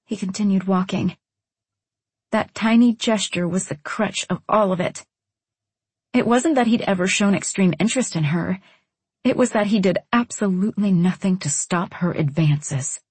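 A woman's voice: mid-range voice, normal speed, darkish tone, slightly rough, no room sound. A woman narrating a first-person novel in a wry, introspective manner. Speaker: audiobook narrator.

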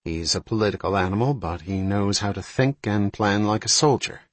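A sharp, insistent male intelligence analyst, as a man reads him pushes his argument hard in an audiobook. His voice sits fairly low and husky, with a dry, close sound. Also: moderate pace, no room sound, close to an everyday voice. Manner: pressing, argumentative.

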